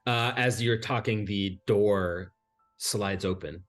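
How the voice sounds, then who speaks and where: A man with a fairly low voice narrates as game master in a tabletop game. He describes the scene in a loose, filler-laden way, with faint music underneath. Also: takes it slowly.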